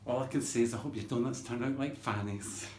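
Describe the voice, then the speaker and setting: A man's voice: medium pitch, fairly quick, noisy background. Man, home cooking host, cheeky rambling patter; echoey kitchen with pots and dishes clattering behind. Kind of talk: chatty cooking demonstration.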